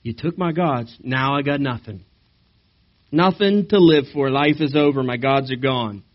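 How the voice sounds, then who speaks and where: A male preacher voicing an outraged, self-pitying man who has lost his idols, with a shrill, whining indignation, on a slightly dull recording. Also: measured pace, lightly acted.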